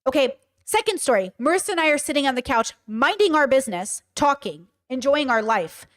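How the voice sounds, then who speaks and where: Woman with a somewhat high voice for a casual livestream; blunt, animated and emphatic delivery. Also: brisk. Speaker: livestream commentator. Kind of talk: casual livestream storytelling and commentary.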